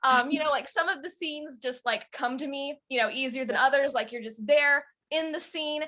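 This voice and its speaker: A woman's voice: sits high, normal speed, pushed and bright. A young woman audiobook narrator chatting casually in an interview, giggly and full of fillers.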